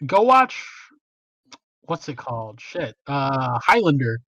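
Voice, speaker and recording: A man's voice: medium pitch, very animated, slow, a bit bright, rough recording. A man hosting a podcast in casual, slangy chat, swearing freely. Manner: laid-back, slangy, swears a lot. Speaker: podcast host.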